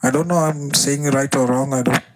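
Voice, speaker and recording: A man's voice: mid-range voice, steady tone. A man, a student speaking hesitantly in an online class. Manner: hesitant, halting speech.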